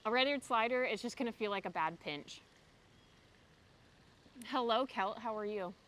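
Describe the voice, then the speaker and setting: A young woman with a fairly high voice chats in a loose, rambling way. She is streaming from a windy park by a pond, talking into her phone camera and answering her chat between yoga poses. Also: moderate pace, a bit bright. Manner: chatty and rambling, reads out chat messages. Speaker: streamer doing yoga outdoors. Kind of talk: casual live-stream chat.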